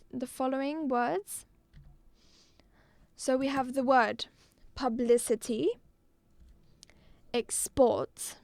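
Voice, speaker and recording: A woman teaching a live online exam-prep lesson, patient, repeating words slowly and clearly. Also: high-pitched, dry recording. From Algeria.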